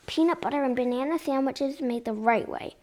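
Young woman reading a children's book, high voice, expressive delivery. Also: fairly quick. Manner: expressive, with occasional whispered asides. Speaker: reader.

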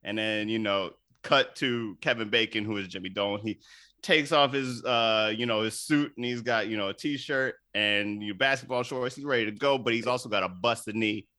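Casting note: male podcast host, bright and forceful voice, loose and profane, laughs a lot, dry close sound. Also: on the low side, normal speed, dry recording. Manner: loose, profane, laughs often, acts out quotes. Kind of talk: casual chat, recapping a movie.

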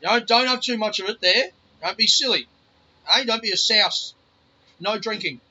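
A man playing his boastful old grandfather, rambling loudly through a joke about his homebrew stout. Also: high voice, moderate pace, slightly rough, voice pushed up, heavily acted. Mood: boasting. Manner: loud, rambling joke-telling. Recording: dull lo-fi recording.

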